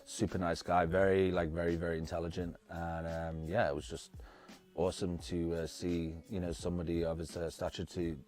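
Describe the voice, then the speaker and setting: Deep-voiced rambling British man. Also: little pitch movement, fairly quick, a little mellow. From United Kingdom. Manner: rambling, many fillers and restarts, easygoing. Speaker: guest, actor and filmmaker. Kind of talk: casual interview chat.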